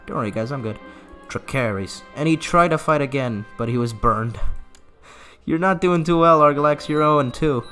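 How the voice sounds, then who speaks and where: A man's voice: on the high side, fairly bright tone, faint music behind. Joking man narrating a strategy game. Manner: joking, sarcastic, with drawn-out mock grief. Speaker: gaming channel host. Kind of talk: let's play commentary.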